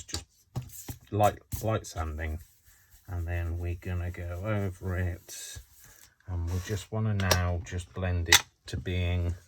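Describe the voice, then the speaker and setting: A man with a low voice hosts a casual craft tutorial, chatting and rambling to himself as he works, with background noise in the clip.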